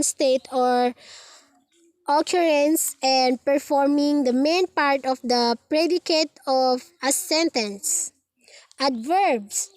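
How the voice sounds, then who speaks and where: Slow, high-voiced Filipino woman teacher. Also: dry recording. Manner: slow, careful, reads words one by one. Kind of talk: recorded lesson reading word lists.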